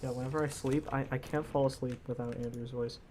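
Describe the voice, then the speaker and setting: Low-voiced woman streaming, keyboard clacking. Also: steady tone, quick pace, mellow. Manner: joking, swearing, storytelling. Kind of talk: casual live-stream chat. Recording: keyboard typing noise.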